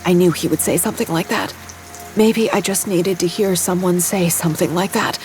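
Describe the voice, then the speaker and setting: A young woman narrating her own story in first person in an audio drama, quiet and haunted, in an inner monologue. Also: on the low side, moderate pace, faint music behind. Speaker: narrator and lead character.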